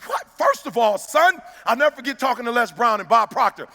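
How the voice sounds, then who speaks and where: A middle-aged man giving a preacher-like motivational speech in a large hall. He pushes key lines with emphasis, shouting some and drawing others out in a sing-song cadence. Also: very high-pitched, lively intonation, a little fast, gravelly. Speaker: motivational speaker. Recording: long reverb of a large hall.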